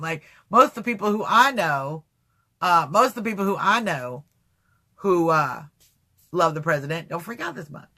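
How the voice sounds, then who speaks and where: A man hosting a casual livestream talk show, rambling and animated, answering chat comments as he goes. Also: high voice, moderate pace. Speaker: livestream host.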